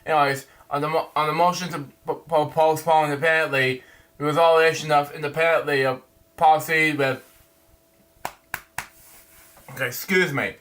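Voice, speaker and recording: A man reviewing a comic book, reading it aloud haltingly, stumbling over words and adding his own asides. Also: fairly high pitch, fairly even intonation, a bit bright.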